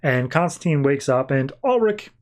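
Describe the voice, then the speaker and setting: A man's voice: medium pitch, animated, moderate pace. A man hosting a podcast, recapping a comic book in a rambling, informal way with many fillers. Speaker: podcast host.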